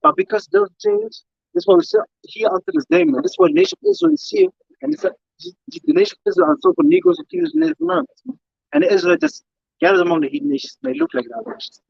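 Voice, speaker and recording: A man with a very high, gravelly voice leads a casual Bible study in a quick, lively flow, swearing and saying "man" all the time. The sound is dull and lo-fi, with a dry room and no echo. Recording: dull lo-fi dry live stream.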